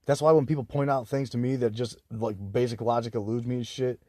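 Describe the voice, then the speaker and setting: A man's voice: mid-range voice, fairly even intonation, fairly quick, a little mellow, no echo, clean studio sound. A young man in a rambling, agitated, profane monologue to camera, swearing constantly. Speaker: vlogger.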